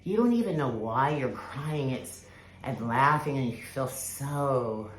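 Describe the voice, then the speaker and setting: A spiritual vlogger with a bass voice tells a personal spiritual story slowly but animatedly. Her talk is casual and rambling, full of fillers and restarts, with the odd swear word, recorded in an echoey room with faint background hiss.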